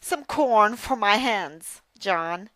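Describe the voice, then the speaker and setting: A woman voicing a cheerful little farm girl in a primer dialogue, with bright, eager exclamations. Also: mid-range voice, animated, drawn-out words, no echo, full character voice. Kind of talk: reading a primer dialogue aloud.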